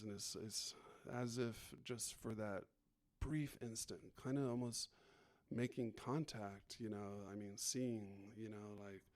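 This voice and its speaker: A man's voice: lowish voice, darkish tone. A man co-hosting a podcast, speaking in a reflective, meandering way with many fillers. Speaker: podcast co-host. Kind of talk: casual chat.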